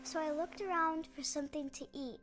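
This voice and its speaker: A woman's voice: sits high, fairly quick, slight background noise, natural voice. An actress voicing a hungry ten-year-old girl reading out her diary as game narration. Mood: wistful.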